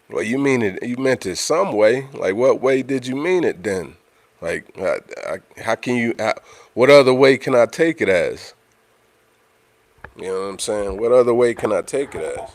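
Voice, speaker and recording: Deep voiced guy, chatting loose on his livestream, dry sound, lots of you know what im sayin. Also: measured pace, no room sound. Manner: conversational, repeats himself, frequent "you know what I'm saying". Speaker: livestream host. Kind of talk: casual livestream talk.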